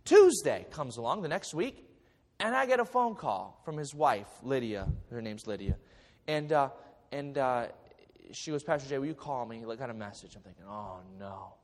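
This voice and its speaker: A man's voice: mid-range voice, sing-song, moderate pace, long reverb tail. A man in his forties preaching a sermon as pastor, telling a story with stammered restarts and light jokes. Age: 40s.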